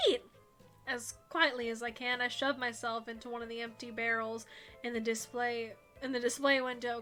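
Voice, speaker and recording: A woman streamer reads a visual novel aloud, her voice bright and a little high as she narrates. She is animated and giggly, breaking off into chatty asides, and faint music hums behind her.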